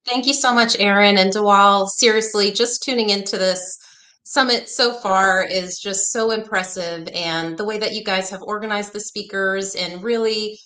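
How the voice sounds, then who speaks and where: Bright-voiced woman lawyer speaking directly. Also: medium pitch, moderate pace. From Texas, USA. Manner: energetic, direct. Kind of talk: summit talk.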